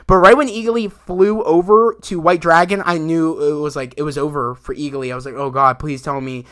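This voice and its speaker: A man casually recapping a TV episode in a rambling, excited way, full of fillers and quick asides. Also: fairly high pitch. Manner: rambling, animated retelling with many fillers and acted quotes. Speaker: video reviewer.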